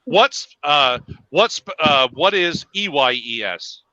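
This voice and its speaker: High, lively man on a muffled call. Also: takes it slowly, no echo. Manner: animated storyteller, many fillers. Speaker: guest on a livestream call. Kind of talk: casual chat.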